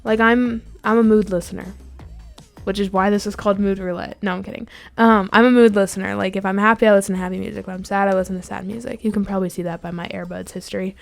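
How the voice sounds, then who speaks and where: A young woman hosting a casual music podcast, bubbly and easily excited, wrapping up the episode with her co-host. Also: medium pitch, fast, vocal fry. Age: young adult. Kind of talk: casual chat.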